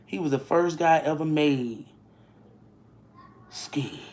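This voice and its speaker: A woman's voice: low voice, slow pace, darkish tone. A woman telling stories in a casual vlog from home, laughing often and talking bluntly with many restarts. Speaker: vlogger. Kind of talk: casual storytelling chat. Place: home, indoors.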